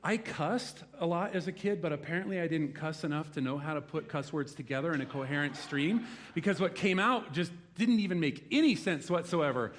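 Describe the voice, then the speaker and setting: A man in his forties preaching a sermon to a congregation, telling a lively story from his rural youth and then growing quiet and reflective. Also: fairly high pitch, fairly quick. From rural United States. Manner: animated storytelling, swings from loud exclaims to hushed reflection. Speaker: pastor. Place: church hall before a congregation.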